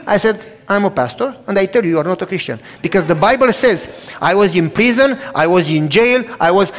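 A man's voice: sits high, a little fast, few pauses. A man in his sixties, a pastor preaching a sermon and animatedly acting out both sides of the conversations in his stories. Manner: animated, acts out both sides of dialogues loudly. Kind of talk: sermon storytelling. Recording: long hall reverb.

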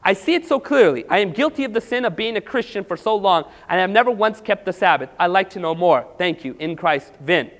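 A man preaching as a pastor, telling stories with lively acted-out dialogue to a congregation. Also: high-pitched, brisk, few pauses, in a large hall. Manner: animated storytelling with acted dialogue. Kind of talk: sermon.

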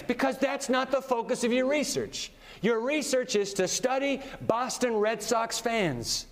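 A man preaching a sermon in a lively, conversational style, chuckling often as he goes. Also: very high-pitched, measured pace. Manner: animated, conversational, laughs often. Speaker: pastor. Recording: long reverb of a big hall.

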